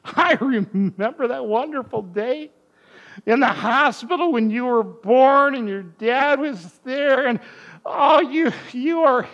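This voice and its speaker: A man voicing a gentle mother who reassures her young daughter. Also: very high voice, slow, muffled recording, voice pushed up, exaggerated voice. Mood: tender. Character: soothing mother comforting her child.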